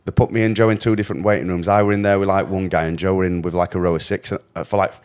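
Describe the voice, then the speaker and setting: Fast-talking man telling stories. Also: sits low, clean tone. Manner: animated, swearing, laughs while telling stories. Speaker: podcast host. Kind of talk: casual storytelling chat.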